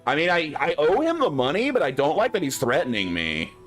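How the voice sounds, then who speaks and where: A man's voice: a little high, wildly swooping pitch, brisk, a bit bright, soft background music. A man streaming a video game, giving casual commentary and chatting aloud to his viewers. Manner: chatty, musing aloud to chat.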